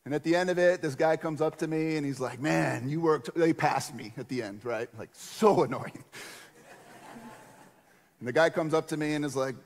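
Animated man preaching in a reverberant church. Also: a little high, normal speed. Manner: conversational, animated storytelling with acted quotes. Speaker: pastor. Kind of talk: sermon. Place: church sanctuary.

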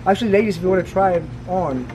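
A tour guide talking to a group, hesitant and pausing often. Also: female voice, on the low side, background noise. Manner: hesitant, with many pauses.

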